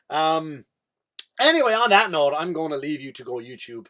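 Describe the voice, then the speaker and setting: An Irish comedian riffs alone on his podcast, rambling and swearing freely. His voice sits a little high for a man, and he restarts his sentences often as he goes. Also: big pitch swings, moderate pace, bright, forceful tone. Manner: profane, rambling, full of restarts.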